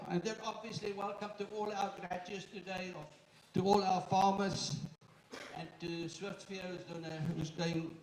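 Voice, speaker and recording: A man who chairs a company, giving a live welcome speech to an audience, joking and using halting fillers. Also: high-pitched, a little mellow. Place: indoor event room with an audience. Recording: echoey room, far from the mic, faint noise.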